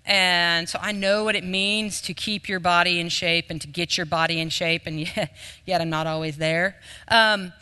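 A man's voice: high-pitched, steady tone, normal speed, bright, forceful tone, smooth. A man giving an informal, conversational sermon to a live room, self-deprecating in tone. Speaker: speaker leading a devotional. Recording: reverberant hall.

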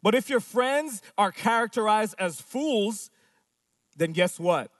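A man preaching a sermon who asks rhetorical questions and slows down to stress key points. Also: high voice, expressive, dry recording, studio quality, far from the mic.

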